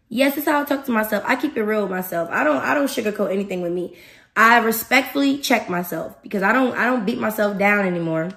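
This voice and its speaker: Animated woman hosting a motivational podcast. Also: medium pitch, vocal fry. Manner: animated and emphatic, addresses listeners directly, acts out her own thoughts. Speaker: podcast host. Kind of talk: casual motivational talk to listeners.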